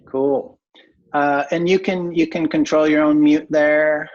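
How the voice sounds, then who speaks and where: A man leads an online coaching workshop in a casual, upbeat way, scattering uhs and ums as he goes. His voice sits a little high. The sound is dull and lo-fi, as on a video call. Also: little pitch movement, slow pace. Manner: casual, upbeat, many filler words. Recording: muffled lo-fi video call audio.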